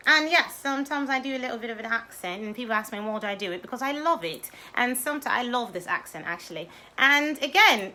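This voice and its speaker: Laughing frequently and swooping in pitch, a middle-aged woman from Baltimore in the United States delivers a lively motivational talk to her viewers as a mindfulness coach.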